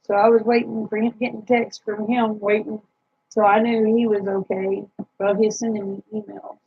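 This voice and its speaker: Tired, gravelly woman chatting. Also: mid-range voice, level tone, moderate pace, narrow, tinny audio. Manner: chatty, drawling, rambling with many fillers. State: tired, yawning. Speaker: homesteader talking to live chat viewers. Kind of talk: casual live chat.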